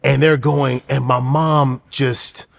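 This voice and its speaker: A man's voice: medium pitch, little pitch movement, takes it slowly, creaky. A middle-aged man co-hosting a podcast in casual chat, telling family stories expressively and laughing often. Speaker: podcast co-host.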